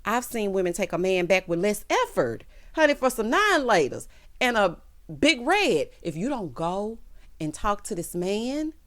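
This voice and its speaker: In a sing-song, mid-range voice, a woman takes her time recapping a TV episode for her vlog. She plays up the drama, voices the characters' lines herself, and sassily addresses her audience as honey, baby and child.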